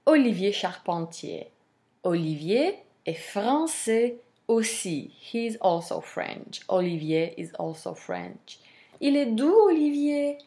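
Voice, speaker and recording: Slow-speaking woman teaching French. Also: mid-range voice, dark tone. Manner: slow, deliberate explanations, modelling French pronunciation with fillers. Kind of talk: language lesson.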